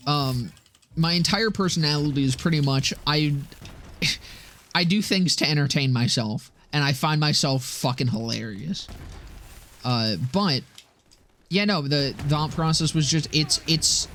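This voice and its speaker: A man's voice: on the high side, lively intonation, unhurried, a bit bright. A young man streaming and chatting with viewers in a profane, rambling way, often laughing at his own jokes. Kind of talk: casual livestream chat with viewers.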